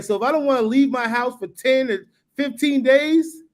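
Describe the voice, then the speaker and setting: A man's voice: very high voice, a little fast. A man on a live stream talking casually and rambling, often asking "you know what I mean?". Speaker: guest building in the Caribbean.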